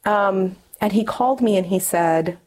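A woman's voice: mid-range voice, measured pace, darkish tone, a little hiss or hum, rough recording. A middle-aged woman, a guest in an interview, telling a personal story earnestly, with many fillers and restarts.

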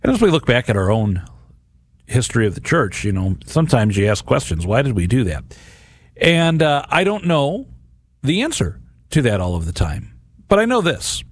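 A man's voice: mid-range voice, sing-song, normal speed, slightly rough, no echo, clean studio sound. A middle-aged man hosting a radio reflection on scripture, talking earnestly and conversationally with frequent restarts. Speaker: radio host. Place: radio studio.

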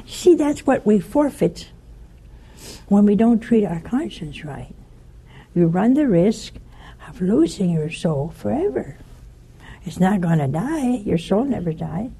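A woman's voice: medium pitch, slow, creaky, long pauses, slightly rough. An older woman giving a sermon-style talk, telling stories with animation and voicing the people in them. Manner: animated storyteller, voices the people in her stories. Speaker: religious speaker.

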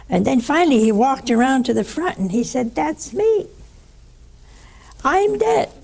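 A woman giving a spiritual teaching in an easy, conversational way, breaking off to speak straight to her listeners. Her voice is gravelly and dark, with a husky edge. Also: mid-range voice. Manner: lively storyteller with asides to listeners.

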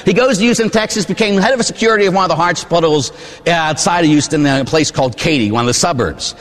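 A priest in his forties from Pittsburgh, preaching a sermon with animated storytelling and asides to the congregation. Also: on the high side, fast talker, in a large hall. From Pittsburgh, USA. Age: 40s. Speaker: Catholic priest. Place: church.

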